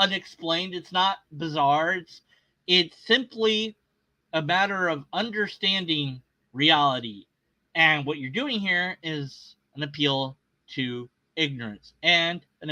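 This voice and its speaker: Man for a reaction rant: high, piercing voice, sarcastic and riled up. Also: sharp tone, poor audio. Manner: agitated, sarcastic, rambling with restarts. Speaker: commentator reacting to a video. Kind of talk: casual rant.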